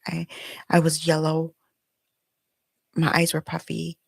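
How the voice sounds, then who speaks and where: This middle-aged host speaks slowly in a low, monotone voice that is creaky and husky, with no echo. She records herself at home on video for her podcast, emotionally and candidly recounting a personal story as a confessional monologue.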